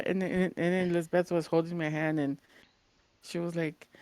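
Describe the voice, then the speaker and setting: Speaking a bit fast in a lowish voice on a dry recording, a woman shares stories as a podcast co-host in an easygoing chat. She is lively, performs her quoted characters' voices, and drops the occasional casual swear word.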